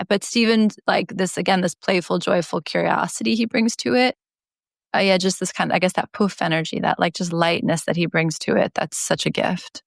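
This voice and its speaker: Gravelly-voiced woman guest, dry mic. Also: fairly low pitch, steady tone, brisk, no echo. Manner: thoughtful, searching for words. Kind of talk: casual chat.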